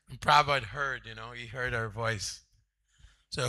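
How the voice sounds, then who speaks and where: An older man in his seventies tells stories from his youth as a lecture. His voice sits at a middle pitch but has a sharp, bright, forceful timbre, and he often breaks into chuckles as he recalls each memory. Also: fairly even intonation, moderate pace, poor audio. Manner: reminiscing, laughs often between anecdotes. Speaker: spiritual teacher. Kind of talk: storytelling lecture.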